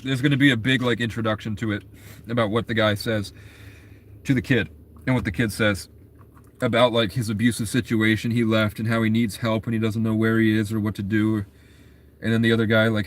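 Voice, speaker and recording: A man's voice: lowish voice, little pitch movement, fairly quick, slight background noise. A man casually retelling a story in a rambling, loose way, full of fillers and restarts.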